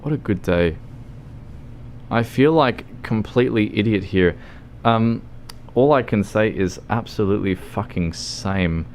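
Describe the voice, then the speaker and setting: A man's voice: lowish voice, unhurried, darkish tone, a little hiss or hum. A tipsy man with an Australian accent chatting and giggling with viewers on a gaming livestream. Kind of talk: casual gaming livestream chat.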